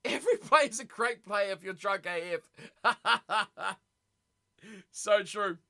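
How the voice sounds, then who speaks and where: Man, high voice, bright and sharp tone, excitable live match reaction, chatty streamer. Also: slow, gravelly. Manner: excitable, chatty, reads viewer messages aloud. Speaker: streamer hosting a watch party.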